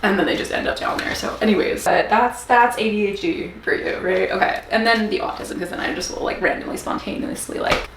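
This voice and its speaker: A woman's voice: medium pitch, brisk, hardly any pauses, fairly bright tone, distant mic. A woman chats candidly in her home kitchen for a casual vlog, rambling along with plenty of fillers. She sits a good way from the camera mic. The room is echoey, with a faint hiss underneath. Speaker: vlogger.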